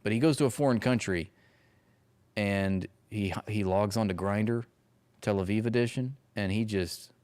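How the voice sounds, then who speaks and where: A man's voice: on the low side, moderate pace, a little mellow, clear, resonant tone. A man co-hosting profane, sarcastic political commentary, mocking what he watches. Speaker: co-host.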